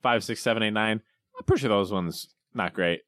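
A man co-hosting a podcast in relaxed casual banter, easily amused. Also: on the low side, a little fast, no room sound. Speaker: podcast co-host.

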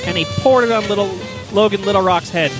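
A man with a high-pitched voice talks quickly while co-hosting a comedy podcast. He tells a crude, rambling story full of swearing and exasperation. Loud free jazz plays behind him.

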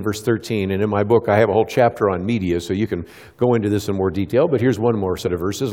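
A man's voice: fairly low pitch, mellow, in a large hall. A middle-aged man giving a church talk to a live audience, asking them questions and answering them himself, and acting out little exchanges with kids. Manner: acts out quick little dialogues with kids. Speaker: Christian speaker.

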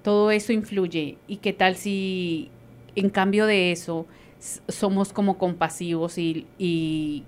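A woman's voice: on the low side, steady tone, a little slow, slight background noise. A woman co-hosting a radio show, summarizing the guest's points in a casual way with hesitant fillers. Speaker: co-host interpreting into Spanish.

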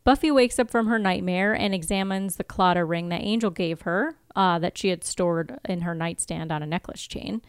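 A woman co-hosting a podcast, recapping TV episodes in casual chat and reading scene summaries with animated asides. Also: on the low side, moderate pace, few pauses, clean tone, no room sound, studio quality. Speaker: podcast co-host.

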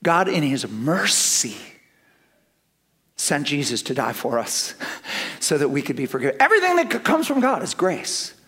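A middle-aged man preaching a sermon, telling personal stories with lively swings from loud emphasis to hushed asides. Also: fairly high pitch, moderate pace. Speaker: pastor.

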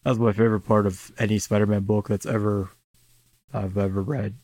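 A man's voice: on the low side, flat delivery, brisk, a little mellow, no echo. A young man co-hosting a casual chat, swearing freely and making sarcastic jokes. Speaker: podcast co-host.

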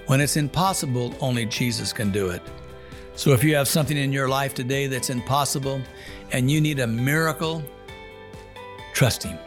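A man, a chaplain, telling a story from the pulpit in an earnest, folksy way, acting out the dialogue. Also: mid-range voice. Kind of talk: storytelling sermon.

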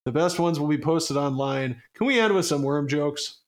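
A man co-hosting a casual podcast, his voice sitting a little higher than most men's. He reads questions and trivia aloud in a goofy, rambling way, swearing freely. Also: expressive, normal speed. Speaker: podcast co-host. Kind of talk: casual chat.

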